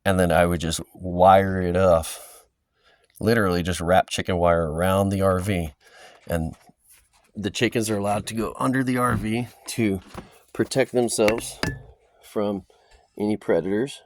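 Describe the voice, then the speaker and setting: Low-voiced man rambling in a dry recording. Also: fairly even intonation, a little slow, long pauses, no echo. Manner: loose, chatty, many fillers and asides. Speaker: vlogger. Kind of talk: casual rambling vlog. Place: outdoors by an RV in the high desert.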